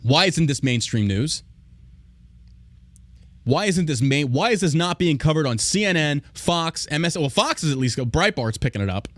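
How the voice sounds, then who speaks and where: A man hosting a podcast rants with heat and plenty of profanity, calling out to his listeners as he goes. His voice sits a bit high for a man and swings widely up and down. The sound is dry and close. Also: lively intonation, moderate pace, no room sound. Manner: heated, profane, emphatic; addresses listeners directly. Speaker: podcast host. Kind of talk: angry podcast rant.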